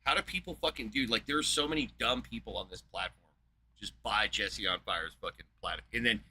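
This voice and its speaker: A man's voice: fairly low pitch, a little fast, pushed and bright, slight background noise, rough recording. A man, hosting and ranting angrily with heavy profanity and mockery. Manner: profane, heated, mocking. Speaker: channel host. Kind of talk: angry political rant.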